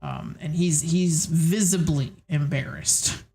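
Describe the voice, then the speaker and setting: A woman's voice: low voice, takes it slowly, dark tone. A woman narrating a tabletop game as game master, casual and hesitant with many fillers.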